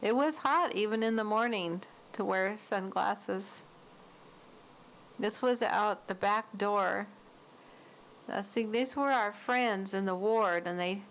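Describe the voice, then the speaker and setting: A woman's voice: mid-range voice, fairly bright tone, a little hiss or hum, low-quality recording. An older woman casually narrating old family home movies, recalling details in a chatty way. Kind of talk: casual reminiscing.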